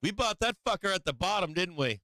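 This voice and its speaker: Brash, profane man with a bright, high voice. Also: animated, brisk, dry recording. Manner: brash and profane, laughing often. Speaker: stock market livestream host. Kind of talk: live trading commentary.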